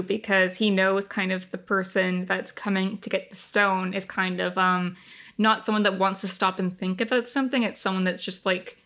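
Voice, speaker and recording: A woman's voice: medium pitch, fairly bright tone. A woman in casual conversation, eagerly sharing thoughts about a book with some hesitant fillers. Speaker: podcast co-host.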